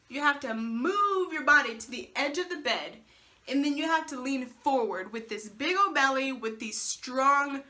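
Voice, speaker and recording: A young woman vlogger telling a personal story in a casual, animated way, acting out the dialogue with laughs and swearing. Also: high-pitched.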